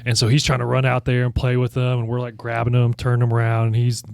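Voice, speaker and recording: A man's voice: medium pitch, completely flat delivery, fast talker, creaky, a little mellow, no room sound. A man co-hosting a podcast, telling a long rambling family story in casual chat and laughing as he goes. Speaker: podcast co-host.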